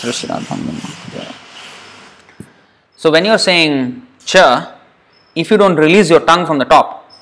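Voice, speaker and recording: A man's voice: a little high, fairly bright tone. Man teaching Sanskrit sounds patiently. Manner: patient, repeats sounds slowly for students. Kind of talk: slide-based online lesson.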